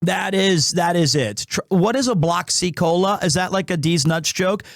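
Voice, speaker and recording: On a live stream, a man with a notably high voice chats casually at normal speed, joking playfully with his viewers. He rambles, constantly stopping, restarting, and correcting his sentences. The audio is dry and close, with no room echo.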